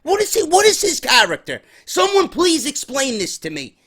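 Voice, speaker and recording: A man's voice: very high-pitched, wildly swooping pitch, moderate pace, a bit bright. A tired man hosting a wrestling podcast, ranting and cursing in exasperation. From New York. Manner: exasperated, swears constantly. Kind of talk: profane ranting commentary.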